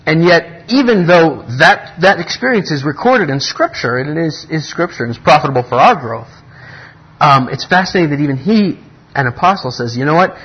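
Husky man teaching a Bible class. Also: on the high side, normal speed, lo-fi sound. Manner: earnest, rambling with restarts, grows excited. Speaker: Bible study leader.

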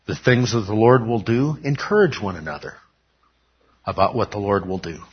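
Husky low-voiced man preaching. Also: expressive, normal speed. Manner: emphatic, asks the room questions and answers them. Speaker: pastor teaching a Bible class. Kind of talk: sermon-style Bible teaching. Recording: dull lo-fi recording.

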